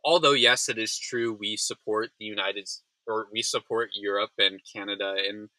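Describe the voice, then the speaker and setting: A weary man talks through the day's news on his own, rambling and circling back with plenty of ums. His lowish voice has a bright, forward edge, and the recording is very dry and close. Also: fairly even intonation, moderate pace, dry recording, poor audio. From United States. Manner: tired, rambling, self-deprecating, many fillers. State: yawning, frazzled. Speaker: news recap host. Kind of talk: casual solo news commentary.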